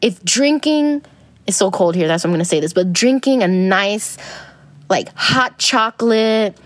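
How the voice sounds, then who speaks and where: A woman's voice: medium pitch, lively intonation, unhurried, no echo. A young adult woman hosting a podcast, talking casually about self-help and spirituality in a rambling way with many fillers. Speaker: podcast host.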